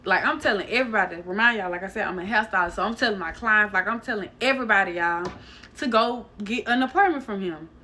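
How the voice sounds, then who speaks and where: A woman's voice: medium pitch, quick pace, pushed and bright, a little hiss or hum. A young adult woman, a hairstylist, telling a long storytime to her viewers in a loose, chatty way, swearing and calling them y'all. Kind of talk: casual storytime vlog.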